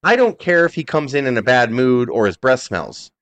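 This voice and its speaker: A man's voice: medium pitch, very animated, moderate pace, a bit bright. A man co-hosting a wrestling podcast who rants with emphasis and heavy swearing while retelling events. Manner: ranting, profane, emphatic storytelling. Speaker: podcast co-host. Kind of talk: heated casual chat.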